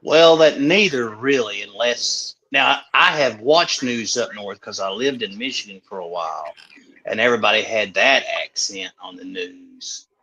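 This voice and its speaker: Man, low and bright, dry humor, podcast regular. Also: moderate pace, husky, poor audio. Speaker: podcast co-host. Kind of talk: casual podcast banter.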